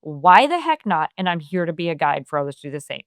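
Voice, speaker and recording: A woman's voice: deep voice, very animated, quick pace, no room sound, studio quality. A middle-aged woman, a wellness author, talking in an earnest, open way as a podcast guest, with many filler phrases. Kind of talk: casual conversational interview.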